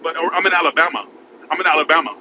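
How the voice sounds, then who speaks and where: A man telling a rambling, frantic story in a casual vlog, recorded in his car by a highway. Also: lively intonation, fast. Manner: rambling, frantic, repeats "oh my God". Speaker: vlogger. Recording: muffled with road noise.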